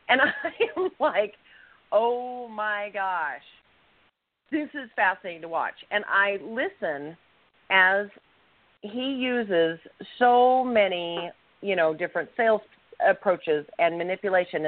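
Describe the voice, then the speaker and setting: A woman co-hosting a podcast, telling a personal story with animated, acted-out quotes. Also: mid-range voice, no room sound. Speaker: podcast co-host. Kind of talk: casual storytelling. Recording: tinny phone-line sound, dry.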